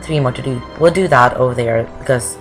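In a very deep voice and at a fairly quick pace, a woman does rambling Let's Play commentary on a video game walkthrough, often straying from the subject. Game music runs behind her, and the recording is rough.

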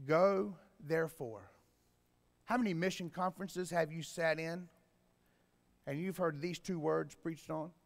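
A man preaching a sermon as pastor, swinging from quiet explaining to loud emphatic bursts. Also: a little high, unhurried, gravelly, pauses often. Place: church sanctuary. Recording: long reverb in a church hall.

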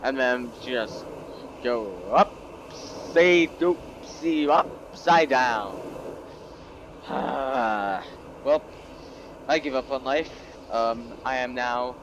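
A man's voice: medium pitch, noisy background. A man giving gameplay commentary, self-mocking and exasperated as things go wrong. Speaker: gameplay video creator.

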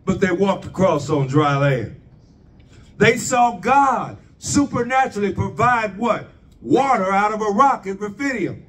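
A man's voice: high voice, expressive, measured pace, a bit bright, recorded from a distance. A man preaching a sermon, asking the congregation rhetorical questions and drawing their responses.

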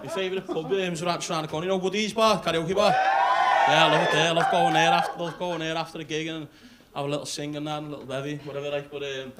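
A male comedian with a Liverpool accent, telling cheeky stories in a deadpan way and chatting with the crowd. His voice sits a little high for a man. It is recorded live on a club stage over heavy room noise. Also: fast, hardly any pauses. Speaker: stand-up comedian.

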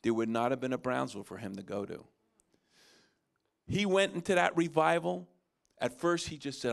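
A man's voice: moderate pace, creaky, long pauses. A man preaching a sermon, telling stories and acting out the people in them with big jumps in voice. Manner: animated, acts out quotes with big pitch jumps. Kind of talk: sermon storytelling.

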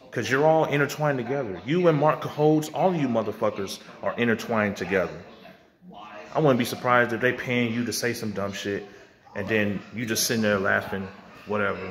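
A man ranting hotly to camera as a vlogger, profane and confrontational, now and then mocking others in put-on voices. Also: lowish voice. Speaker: vlogger and music producer.

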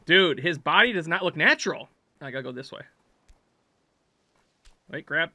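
A man with a high, very bright voice narrates his own gameplay. His pitch leaps all over as he drops from quiet, jokey mumbling into frustrated yells at the screen. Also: animated, moderate pace, long pauses, no room sound. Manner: yells at his climbing character, swings from mutters to shouts; jokey self-talk while playing. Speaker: gaming channel host. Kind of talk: let's play commentary.

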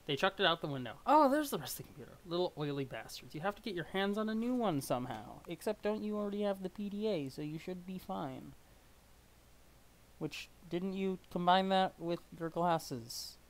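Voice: medium pitch, lively intonation, normal speed. A streamer chatting casually and rambling while reading through a webcomic on a live stream. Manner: rambling, self-deprecating, chatty.

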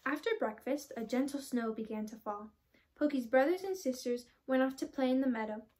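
A woman's voice: high voice, a little fast, a little mellow. Teenage girl reading a storybook. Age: teens. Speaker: storybook reader. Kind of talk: children's read-aloud.

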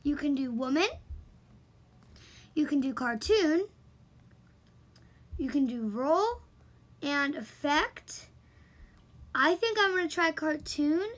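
A woman's voice: sits high, expressive, takes it slowly, long pauses, poor audio. A female vlogger chatting casually to camera in a giggly, self-conscious way as she tries out a voice app.

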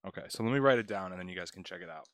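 A man's voice: sits low, animated, rapid-fire, a bit bright, clear, resonant tone, no room sound. A young man tutoring on a casual livestream, chatty and laid-back as he greets viewers by name. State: out of breath. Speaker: test prep tutor streaming live.

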